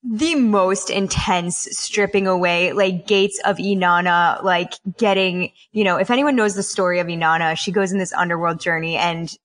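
A woman's voice: fairly low pitch, fairly even intonation, moderate pace, hardly any pauses, a bit bright. Bubbly, laughing podcast co-host woman. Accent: non-standard, not named. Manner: bubbly, laughs often, self-mocking. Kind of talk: casual chat.

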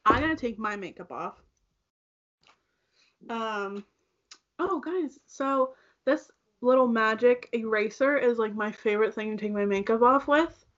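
Chatty young woman, slightly high. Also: a little slow, fairly bright tone. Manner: chatty, fillers of "like" throughout. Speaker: co-host. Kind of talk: casual chat while doing makeup. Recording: dull lo-fi recording.

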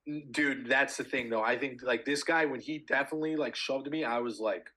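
Young male podcast co-host, husky voice, rambling, profane storyteller. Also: medium pitch, brisk, sharp tone, low-quality recording. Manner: swears a lot, storytelling with many fillers. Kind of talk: casual chat.

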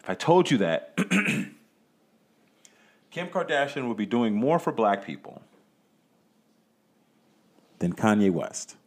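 A man's voice: lowish voice, big pitch swings, slow pace, pauses often, a little mellow. A man hosting a solo podcast, talking casually and profanely, rambling and stammering through restarts, with rhetorical questions to the listener. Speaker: podcast host.

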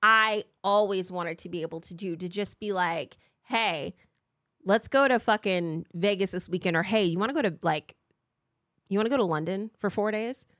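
A woman in her thirties chats on a podcast in a lively, candid way, peppering her stories with swearing and little impressions of the people she talks about. Her voice sits at an ordinary middle pitch. The sound is close and dry, with no room around it. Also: moderate pace, no room sound. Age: 30s. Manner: animated, swears freely, acts out quoted people. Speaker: podcast co-host. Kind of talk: casual chat. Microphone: podcast mic.

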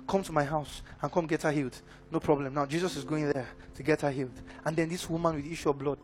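A man preaching in a fairly high voice, emphatic and driving, constantly asking his listeners whether they follow him. He delivers a sermon as a minister, with soft music playing behind him. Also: slightly rough. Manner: emphatic, keeps checking in with the congregation.

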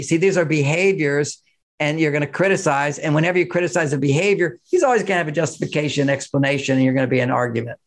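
His high-leaning voice moves at a quick pace as he gives relationship advice as a podcast guest. He's married and draws on his own marriage, speaking emphatically and explanatorily with lots of chuckles.

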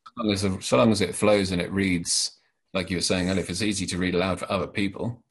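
A man, a children's author, being interviewed and answering in a thoughtful, halting way. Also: deep voice, steady tone, slightly rough. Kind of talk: interview conversation.

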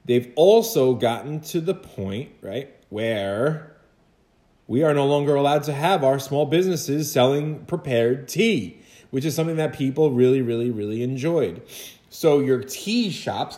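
A man's voice: medium pitch, mellow, reverberant. A man teaching a history lesson in a chatty, conversational way, full of rhetorical questions and asides to his students. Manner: chatty, rhetorical asides and quick acted quotes. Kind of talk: recorded lecture for students.

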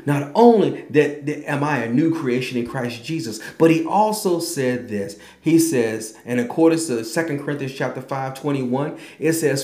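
A man preaching a sermon with emphatic delivery, quoting scripture and swinging between raised and hushed lines. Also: medium pitch, echoey room.

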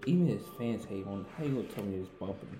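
A man's voice: lowish voice, animated, very fast, reverberant, over music, low-quality recording. A young man in casual chat, laid-back and slangy, with an offhand way of talking.

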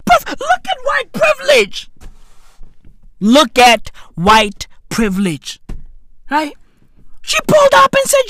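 Loud, high-pitched ranting woman. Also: huge pitch swings, takes it slowly, pauses often, no echo, studio quality. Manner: shouting, swearing, says bruv often. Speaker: commentator. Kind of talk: profane comedic rant.

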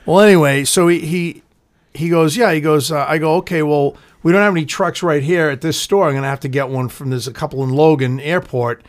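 A man's voice: fairly high pitch, a little fast. A man, co-hosting a podcast, telling a story in a loose, profane way and acting out what people said. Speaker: podcast co-host. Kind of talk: casual storytelling chat.

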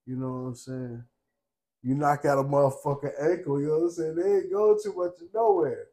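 A young man co-hosting a podcast, telling stories in a casual, profane, streetwise way and constantly asking "you know what I'm saying", getting loud and laughing when fired up. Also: fairly high pitch, steady tone, brisk. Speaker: podcast co-host. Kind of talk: casual chat.

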